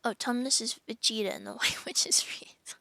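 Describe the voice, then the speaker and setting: A woman's voice: a little high, fairly quick, vocal fry, pushed and bright, no room sound, whispered. A woman streamer reading a novel aloud, breaking off for casual, self-deprecating chat. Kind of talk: reading a book aloud on a livestream.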